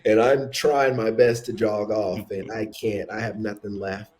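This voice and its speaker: A man in his thirties, a former college football player, recounting a game in a reflective, halting way with many fillers. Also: lowish voice, level tone, a little mellow, poor audio. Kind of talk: casual interview storytelling.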